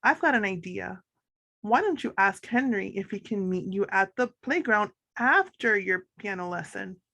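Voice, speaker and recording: A woman voicing a calm, kindly prefrontal cortex character in a storybook, speaking in a measured way. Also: medium pitch, creaky, exaggerated voice.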